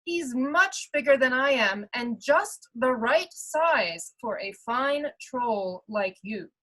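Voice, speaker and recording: A woman's voice: on the high side, lively intonation, slow, a bit bright, heavily acted, low-quality recording. A woman voicing the middle-sized billy goat in a storybook, coaxing in a medium voice.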